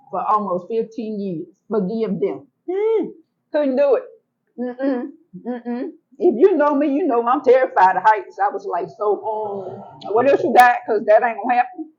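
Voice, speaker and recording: A woman telling her own story as an interview guest, animated and emphatic, repeating words for effect and acting out what she said back then. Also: fairly high pitch, muffled recording. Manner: colloquial, acts out her own past words. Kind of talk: emotional personal storytelling.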